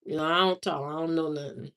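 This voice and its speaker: Speaking quickly in a low, slightly bright voice with fairly even intonation, an Indiana woman hosts a livestream. She answers viewers in a casual chat that's slangy and drawling, with plenty of fillers and repetition.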